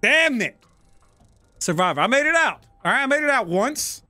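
A man giving casual, profane gameplay commentary, prone to loud excited outbursts. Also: very high voice, moderate pace, dry recording, faint music behind. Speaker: gaming YouTuber.

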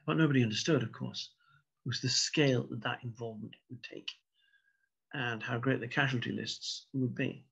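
Man, history lecture, measured storytelling, wry asides, husky voice, dull lo-fi sound. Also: mid-range voice, fairly even intonation, fairly bright tone. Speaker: local historian giving a talk. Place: indoors, online broadcast talk. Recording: dull lo-fi recording.

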